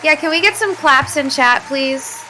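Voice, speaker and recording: A woman with a high, very bright voice, playful and chaotic as she jokes with the other guests on a live stream. Soft music runs faintly behind her. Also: normal speed, some chatter behind. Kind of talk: casual stream chat.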